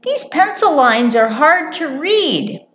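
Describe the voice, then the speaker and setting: A woman voicing an excitable little female mouse in a children's story, with a high squeaky voice and an eager, giggly manner. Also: takes it slowly, a little hiss or hum, exaggerated voice. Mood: eager, chirpy. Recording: roomy echo.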